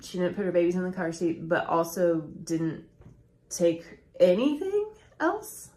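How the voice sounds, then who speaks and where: A woman with a slightly low voice tells a true-crime story to her podcast co-hosts. She talks casually and chattily, slipping into quoted lines from the people in the case. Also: sing-song, a little slow, warm tone.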